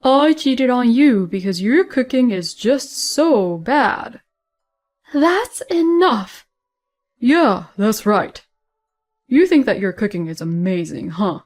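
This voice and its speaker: A woman voicing a stubborn, defensive young husband who speaks slowly and sulkily. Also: on the high side, expressive, a little mellow, soft background music. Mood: scornful.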